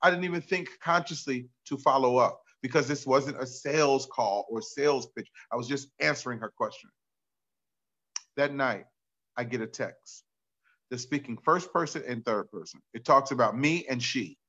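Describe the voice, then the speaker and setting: Bright-voiced pastor telling stories. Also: male voice, medium pitch, moderate pace. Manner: excitable, talkative, acts out quotes. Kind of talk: animated storytelling in a chat. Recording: dull lo-fi sound.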